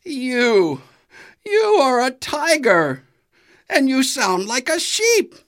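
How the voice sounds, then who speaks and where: A storyteller voicing a big, strong father tiger who talks in a booming, insistent, drawn-out way. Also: big pitch swings, exaggerated voice.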